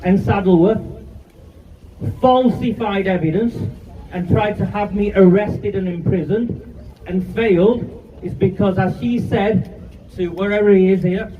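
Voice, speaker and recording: A man's voice: high-pitched, measured pace. A man, giving an angry, defiant speech at a street protest. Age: 50s. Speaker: campaigner speaking at a rally. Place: outdoor street rally. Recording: distant, muffled, noisy outdoor recording.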